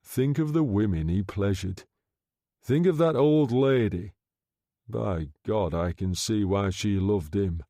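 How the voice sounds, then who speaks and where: A man voicing a smooth-talking gangster undertaker who speaks low, soft and quietly threatening, in an audiobook reading. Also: slow pace, no room sound, clean studio sound. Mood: menacing.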